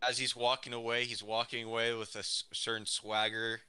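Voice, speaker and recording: A man's voice: mid-range voice, monotone, fairly quick, a crowd in the background. A man playing a tabletop game, casually describing what his character does with a lot of fillers. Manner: narrates his character's actions loosely, with many fillers. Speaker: player.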